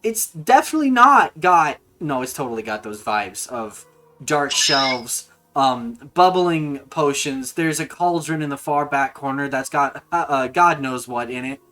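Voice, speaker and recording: A woman narrating as game master of a tabletop game, rambling and animated with many fillers. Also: a bass voice, unhurried.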